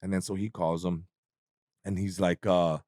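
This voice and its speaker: A man's voice: sits low, level tone, normal speed, darkish tone, no room sound, studio quality. A young adult man, a comedian guest, telling stories in casual chat with a laid-back, profane manner and lots of fillers.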